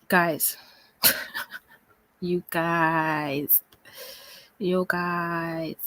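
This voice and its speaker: A woman's voice: lowish voice, sharp tone, no room sound. A woman vlogger ranting in sarcastic, exasperated commentary, sighing and repeatedly calling out someone by name. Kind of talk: casual commentary rant.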